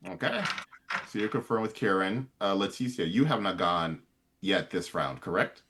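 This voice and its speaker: A man with a somewhat low voice runs a tabletop role-playing session as game master. He explains rulings in a loose, conversational way, full of casual filler. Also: lively intonation, normal speed, a bit bright, a little hiss or hum.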